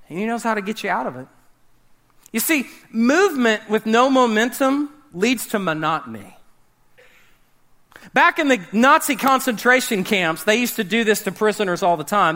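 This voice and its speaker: A man preaching a sermon, animated, swinging between loud emphasis and hushed, dramatic drops. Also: high voice. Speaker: pastor.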